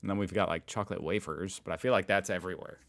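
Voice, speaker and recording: A man's voice: low voice, steady tone, fast, vocal fry, a bit bright. A middle-aged American man in the United States, hosting a reaction video and musing aloud in a casual, amused way. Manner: musing, amused, thinks aloud with frequent fillers.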